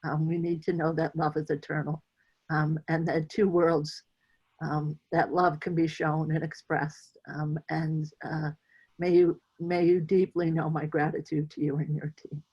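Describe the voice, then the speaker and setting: A woman guest on a video call speaking haltingly with many pauses and fillers about her fundraising project. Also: low-pitched, little pitch movement, a little mellow, husky, highs cut off. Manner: halting, with many ums and uhs.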